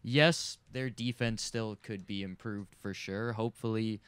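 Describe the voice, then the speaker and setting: A man giving measured, reasoned analysis on a sports talk show. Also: fairly low pitch, steady tone, a bit bright, clear, resonant tone, no echo. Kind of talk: hockey analysis.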